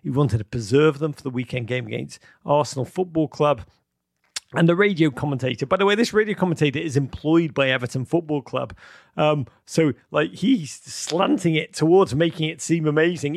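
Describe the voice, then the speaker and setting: A man hosting a live-streamed football chat, excitable and theatrical, swinging from outbursts to mock gloom with many ums. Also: fairly high pitch, moderate pace, vocal fry, no room sound, clean studio sound. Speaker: host.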